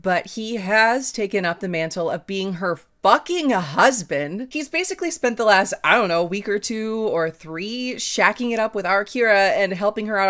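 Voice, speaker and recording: A woman with a fairly low voice recaps a romance novel in a loose, chatty way. She is from the American South and keeps breaking in with dry, sarcastic asides. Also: fairly bright tone. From Southern United States. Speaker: book reviewer. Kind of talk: casual book recap and commentary.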